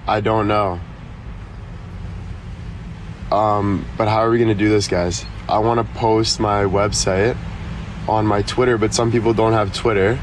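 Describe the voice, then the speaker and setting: A man's voice: fairly low pitch, steady tone, normal speed, slight background noise, poor audio. A young man from Canada chatting casually on a live stream, rambling and joking with lots of fillers.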